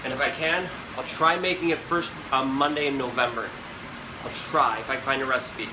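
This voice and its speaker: Speaking a little fast with a medium pitch and fairly even intonation, a young man runs a live cooking stream from his home kitchen, chatting and rambling to his viewers. Echo fills the kitchen, and fan noise runs underneath.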